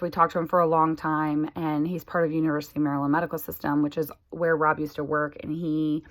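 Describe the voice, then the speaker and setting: A woman in her forties talking candidly to the camera, chatty and exasperated. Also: deep voice. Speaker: vlogger sharing a health update. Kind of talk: casual chat to camera.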